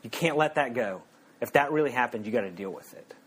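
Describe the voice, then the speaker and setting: A man's voice: medium pitch, lively intonation, quick pace, a bit bright, husky. Conversational, joking male preacher. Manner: conversational and joking, with sudden emphatic rises. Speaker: pastor. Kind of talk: sermon.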